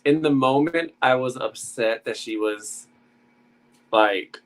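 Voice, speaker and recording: A man's voice: mid-range voice, unhurried, fairly bright tone, rough recording. A man co-hosting a podcast, giving frank, opinionated takes on a reality TV episode in casual talk. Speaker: podcast co-host.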